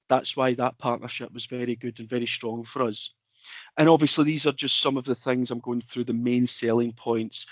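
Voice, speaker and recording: A man's voice: mid-range voice, no echo. Chatty man giving a webinar. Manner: chatty, informal, filler-heavy. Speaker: product presenter. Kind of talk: webinar product presentation. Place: home office.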